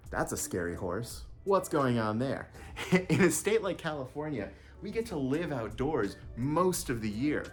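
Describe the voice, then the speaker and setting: A man from Louisiana giving a casual walkthrough tour, upbeat and jokey, chatting with small restarts. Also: mid-range voice. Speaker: vlogger touring a backyard unit. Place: small unit indoors and out, backyard.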